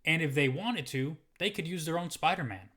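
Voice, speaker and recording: A man co-hosting a podcast, reading entertainment news aloud between casual banter. His voice is bright and forceful, with a playful, profane manner. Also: fairly high pitch, a little fast, breathy edge. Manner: swears freely, playful. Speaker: podcast co-host.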